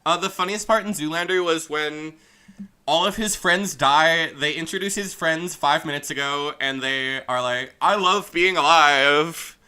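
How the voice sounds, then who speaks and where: A young man doing casual commentary on a game he is playing. He rambles from one tangent to another, with a bright voice that sits a little high. He laughs easily and slips into offhand character voices as he reads. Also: moderate pace, smooth. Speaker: let's play streamer. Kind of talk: casual gameplay commentary, reading game dialogue aloud.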